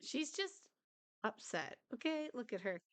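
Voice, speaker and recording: Woman streamer, smooth clear voice, dry close mic, playful cat-mom chatter. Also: a little high, very animated, measured pace, no room sound. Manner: playful, coos at her cats. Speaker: live streamer. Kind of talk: casual live-stream chat.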